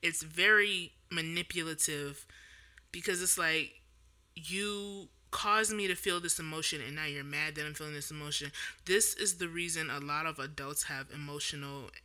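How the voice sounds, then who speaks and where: Woman podcast host, very bright voice, candid and heated, lots of fillers and restarts. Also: deep voice, moderate pace. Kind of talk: casual podcast monologue.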